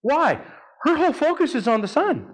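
A man in his fifties preaching a sermon, telling a family story with animated delivery and leaps of voice for dramatic quotes. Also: very high-pitched, moderate pace, rough recording.

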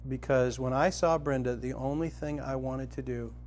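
A middle-aged man preaching a sermon, telling a personal story and retelling a parable, rising to loud excitement in the vivid parts and dropping soft in the tender ones. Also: normal speed, slight background noise. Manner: storytelling, grows animated and loud when dramatizing, soft and low when tender.

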